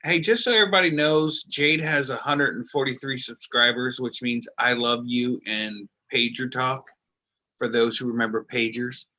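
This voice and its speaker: A man chatting and teasing loudly on a video call, casual and joking. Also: mid-range voice, fairly even intonation, moderate pace. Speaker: co-host of an online video call show.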